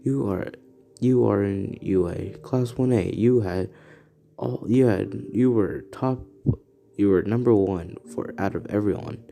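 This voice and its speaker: A man voicing a boastful male superhero mentor, halting and restarting, near his own voice. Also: on the low side, vocal fry, mellow.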